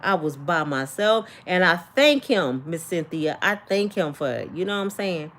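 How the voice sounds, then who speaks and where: An older woman, hosting a casual livestream and talking to her viewers with animated, preachy energy. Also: on the low side, moderate pace. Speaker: livestream host.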